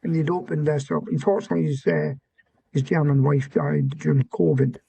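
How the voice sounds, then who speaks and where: A man's voice: mid-range voice, big pitch swings, brisk, dark tone, slightly rough, no echo. An older man with an Aberdeen Scottish accent, a former soldier telling rambling anecdotes in an interview and acting out the dialogue. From Scotland. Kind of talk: storytelling interview.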